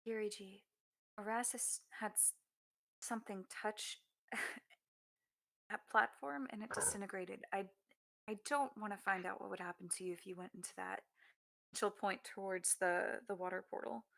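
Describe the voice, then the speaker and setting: A woman player at a tabletop game, moving between speaking as her character and narrating what her character does. Her mid-pitched voice carries a gravelly, fry-laden edge. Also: fairly even intonation, normal speed, fairly bright tone. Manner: mixes in-character talk with third-person narration of her character.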